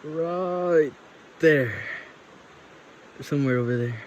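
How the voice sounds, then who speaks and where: A man's voice: fairly high pitch, slow, slight background noise. Breathless young man vlogging a hike. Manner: upbeat, slangy, talks to viewers. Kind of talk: casual hiking vlog. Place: outdoors on a hiking trail.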